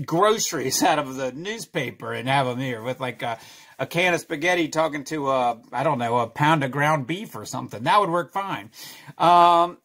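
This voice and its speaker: A man's voice: on the high side, fairly bright tone. A middle-aged man chatting casually through a drawing tutorial, self-deprecating and chuckling as he goes. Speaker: children's author drawing a comic.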